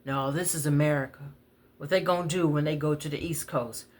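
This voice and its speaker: A woman's voice: sits low, steady tone, brisk. Woman doing a stern scolding bus driver. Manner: scolding, firm.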